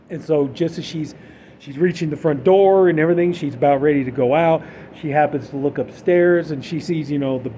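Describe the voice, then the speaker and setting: A man's voice: fairly high pitch, brisk, dark tone, a little hiss or hum, poor audio. A man casually retelling a film's plot on a podcast, rambling and filling gaps with "you know". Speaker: horror podcast co-host. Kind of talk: casual film recap.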